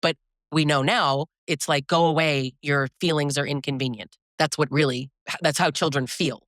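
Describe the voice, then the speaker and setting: A therapist guest speaks frankly and thoughtfully, pausing to search for the right words. The voice is mid-pitched, and the recording is dry and close, with no room sound. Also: fairly even intonation, a bit bright, dry recording. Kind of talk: reflective conversational talk.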